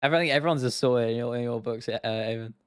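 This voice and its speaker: A man's voice: medium pitch, quick pace, clean tone, dry recording. Casual guy hosting a livestream, loose chatty delivery, clean and close. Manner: relaxed, chatty, answers chat questions with laughs. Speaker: livestream host.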